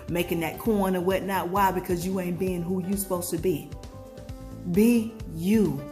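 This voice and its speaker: A woman's voice: fairly low pitch, darkish tone. Southern woman giving a preachy pep talk. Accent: Southern US (Georgia). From Georgia, USA. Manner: preachy, call-and-response questions, sings snippets. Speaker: motivational vlogger. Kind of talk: motivational pep talk to viewers.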